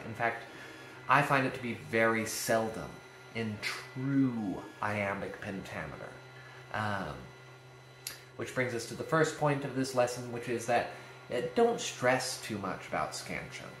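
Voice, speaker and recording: A man's voice: mid-range voice, a bit bright. A man hosting a casual lesson on Shakespearean verse, playful and given to jokey asides. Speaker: video series host teaching Shakespeare verse. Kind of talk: casual educational talk. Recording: echoey room with faint ambient noise.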